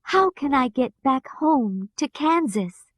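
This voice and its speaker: A woman with an American accent voicing a curious, polite young girl in a storybook, pitching her voice up. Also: expressive, takes it slowly, fairly bright tone, dry recording, exaggerated voice. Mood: wondering.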